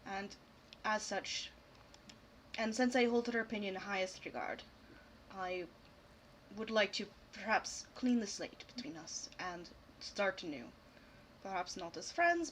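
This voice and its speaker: A hoarse woman voicing a proud young regency lady who reads a stiff, formal apology letter. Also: mid-range voice, lively intonation, measured pace, pauses often, a bit bright, slight background noise, poor audio. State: hoarse, voice going out.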